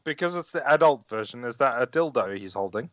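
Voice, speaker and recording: A man joining a casual chat with quick jokes and interjections. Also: medium pitch, animated, a bit bright, dry recording.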